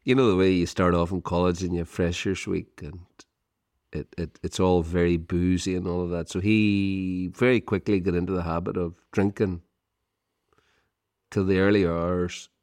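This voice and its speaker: A middle-aged Irish man telling a long, rambling story on a podcast, peppered with "you know" and chuckles. His voice sits a little low. The sound is close and dry. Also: level tone, moderate pace, a little mellow, dry recording. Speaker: podcast co-host. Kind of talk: casual storytelling chat.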